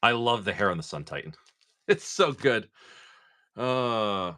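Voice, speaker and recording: Lively, chatty male stream host. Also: lowish voice, slow. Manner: chatty and excitable, talks straight to viewers. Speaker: live-stream card seller and host. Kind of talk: casual live-stream chat while opening packs.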